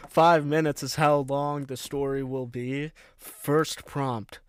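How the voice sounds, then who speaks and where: A man's voice: medium pitch, steady tone, slow, smooth. A young man co-hosting a podcast, handing out improv prompts in a joking, stammering way. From Canada. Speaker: podcast co-host giving prompts. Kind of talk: casual podcast chat.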